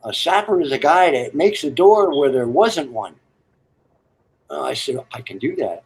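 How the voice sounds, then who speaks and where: A man's voice: on the high side, expressive, unhurried, creaky, breathy edge, rough recording. A man telling rambling, crude military stories and jokes in casual chat, laughing at his own lines. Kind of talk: casual storytelling on a live stream.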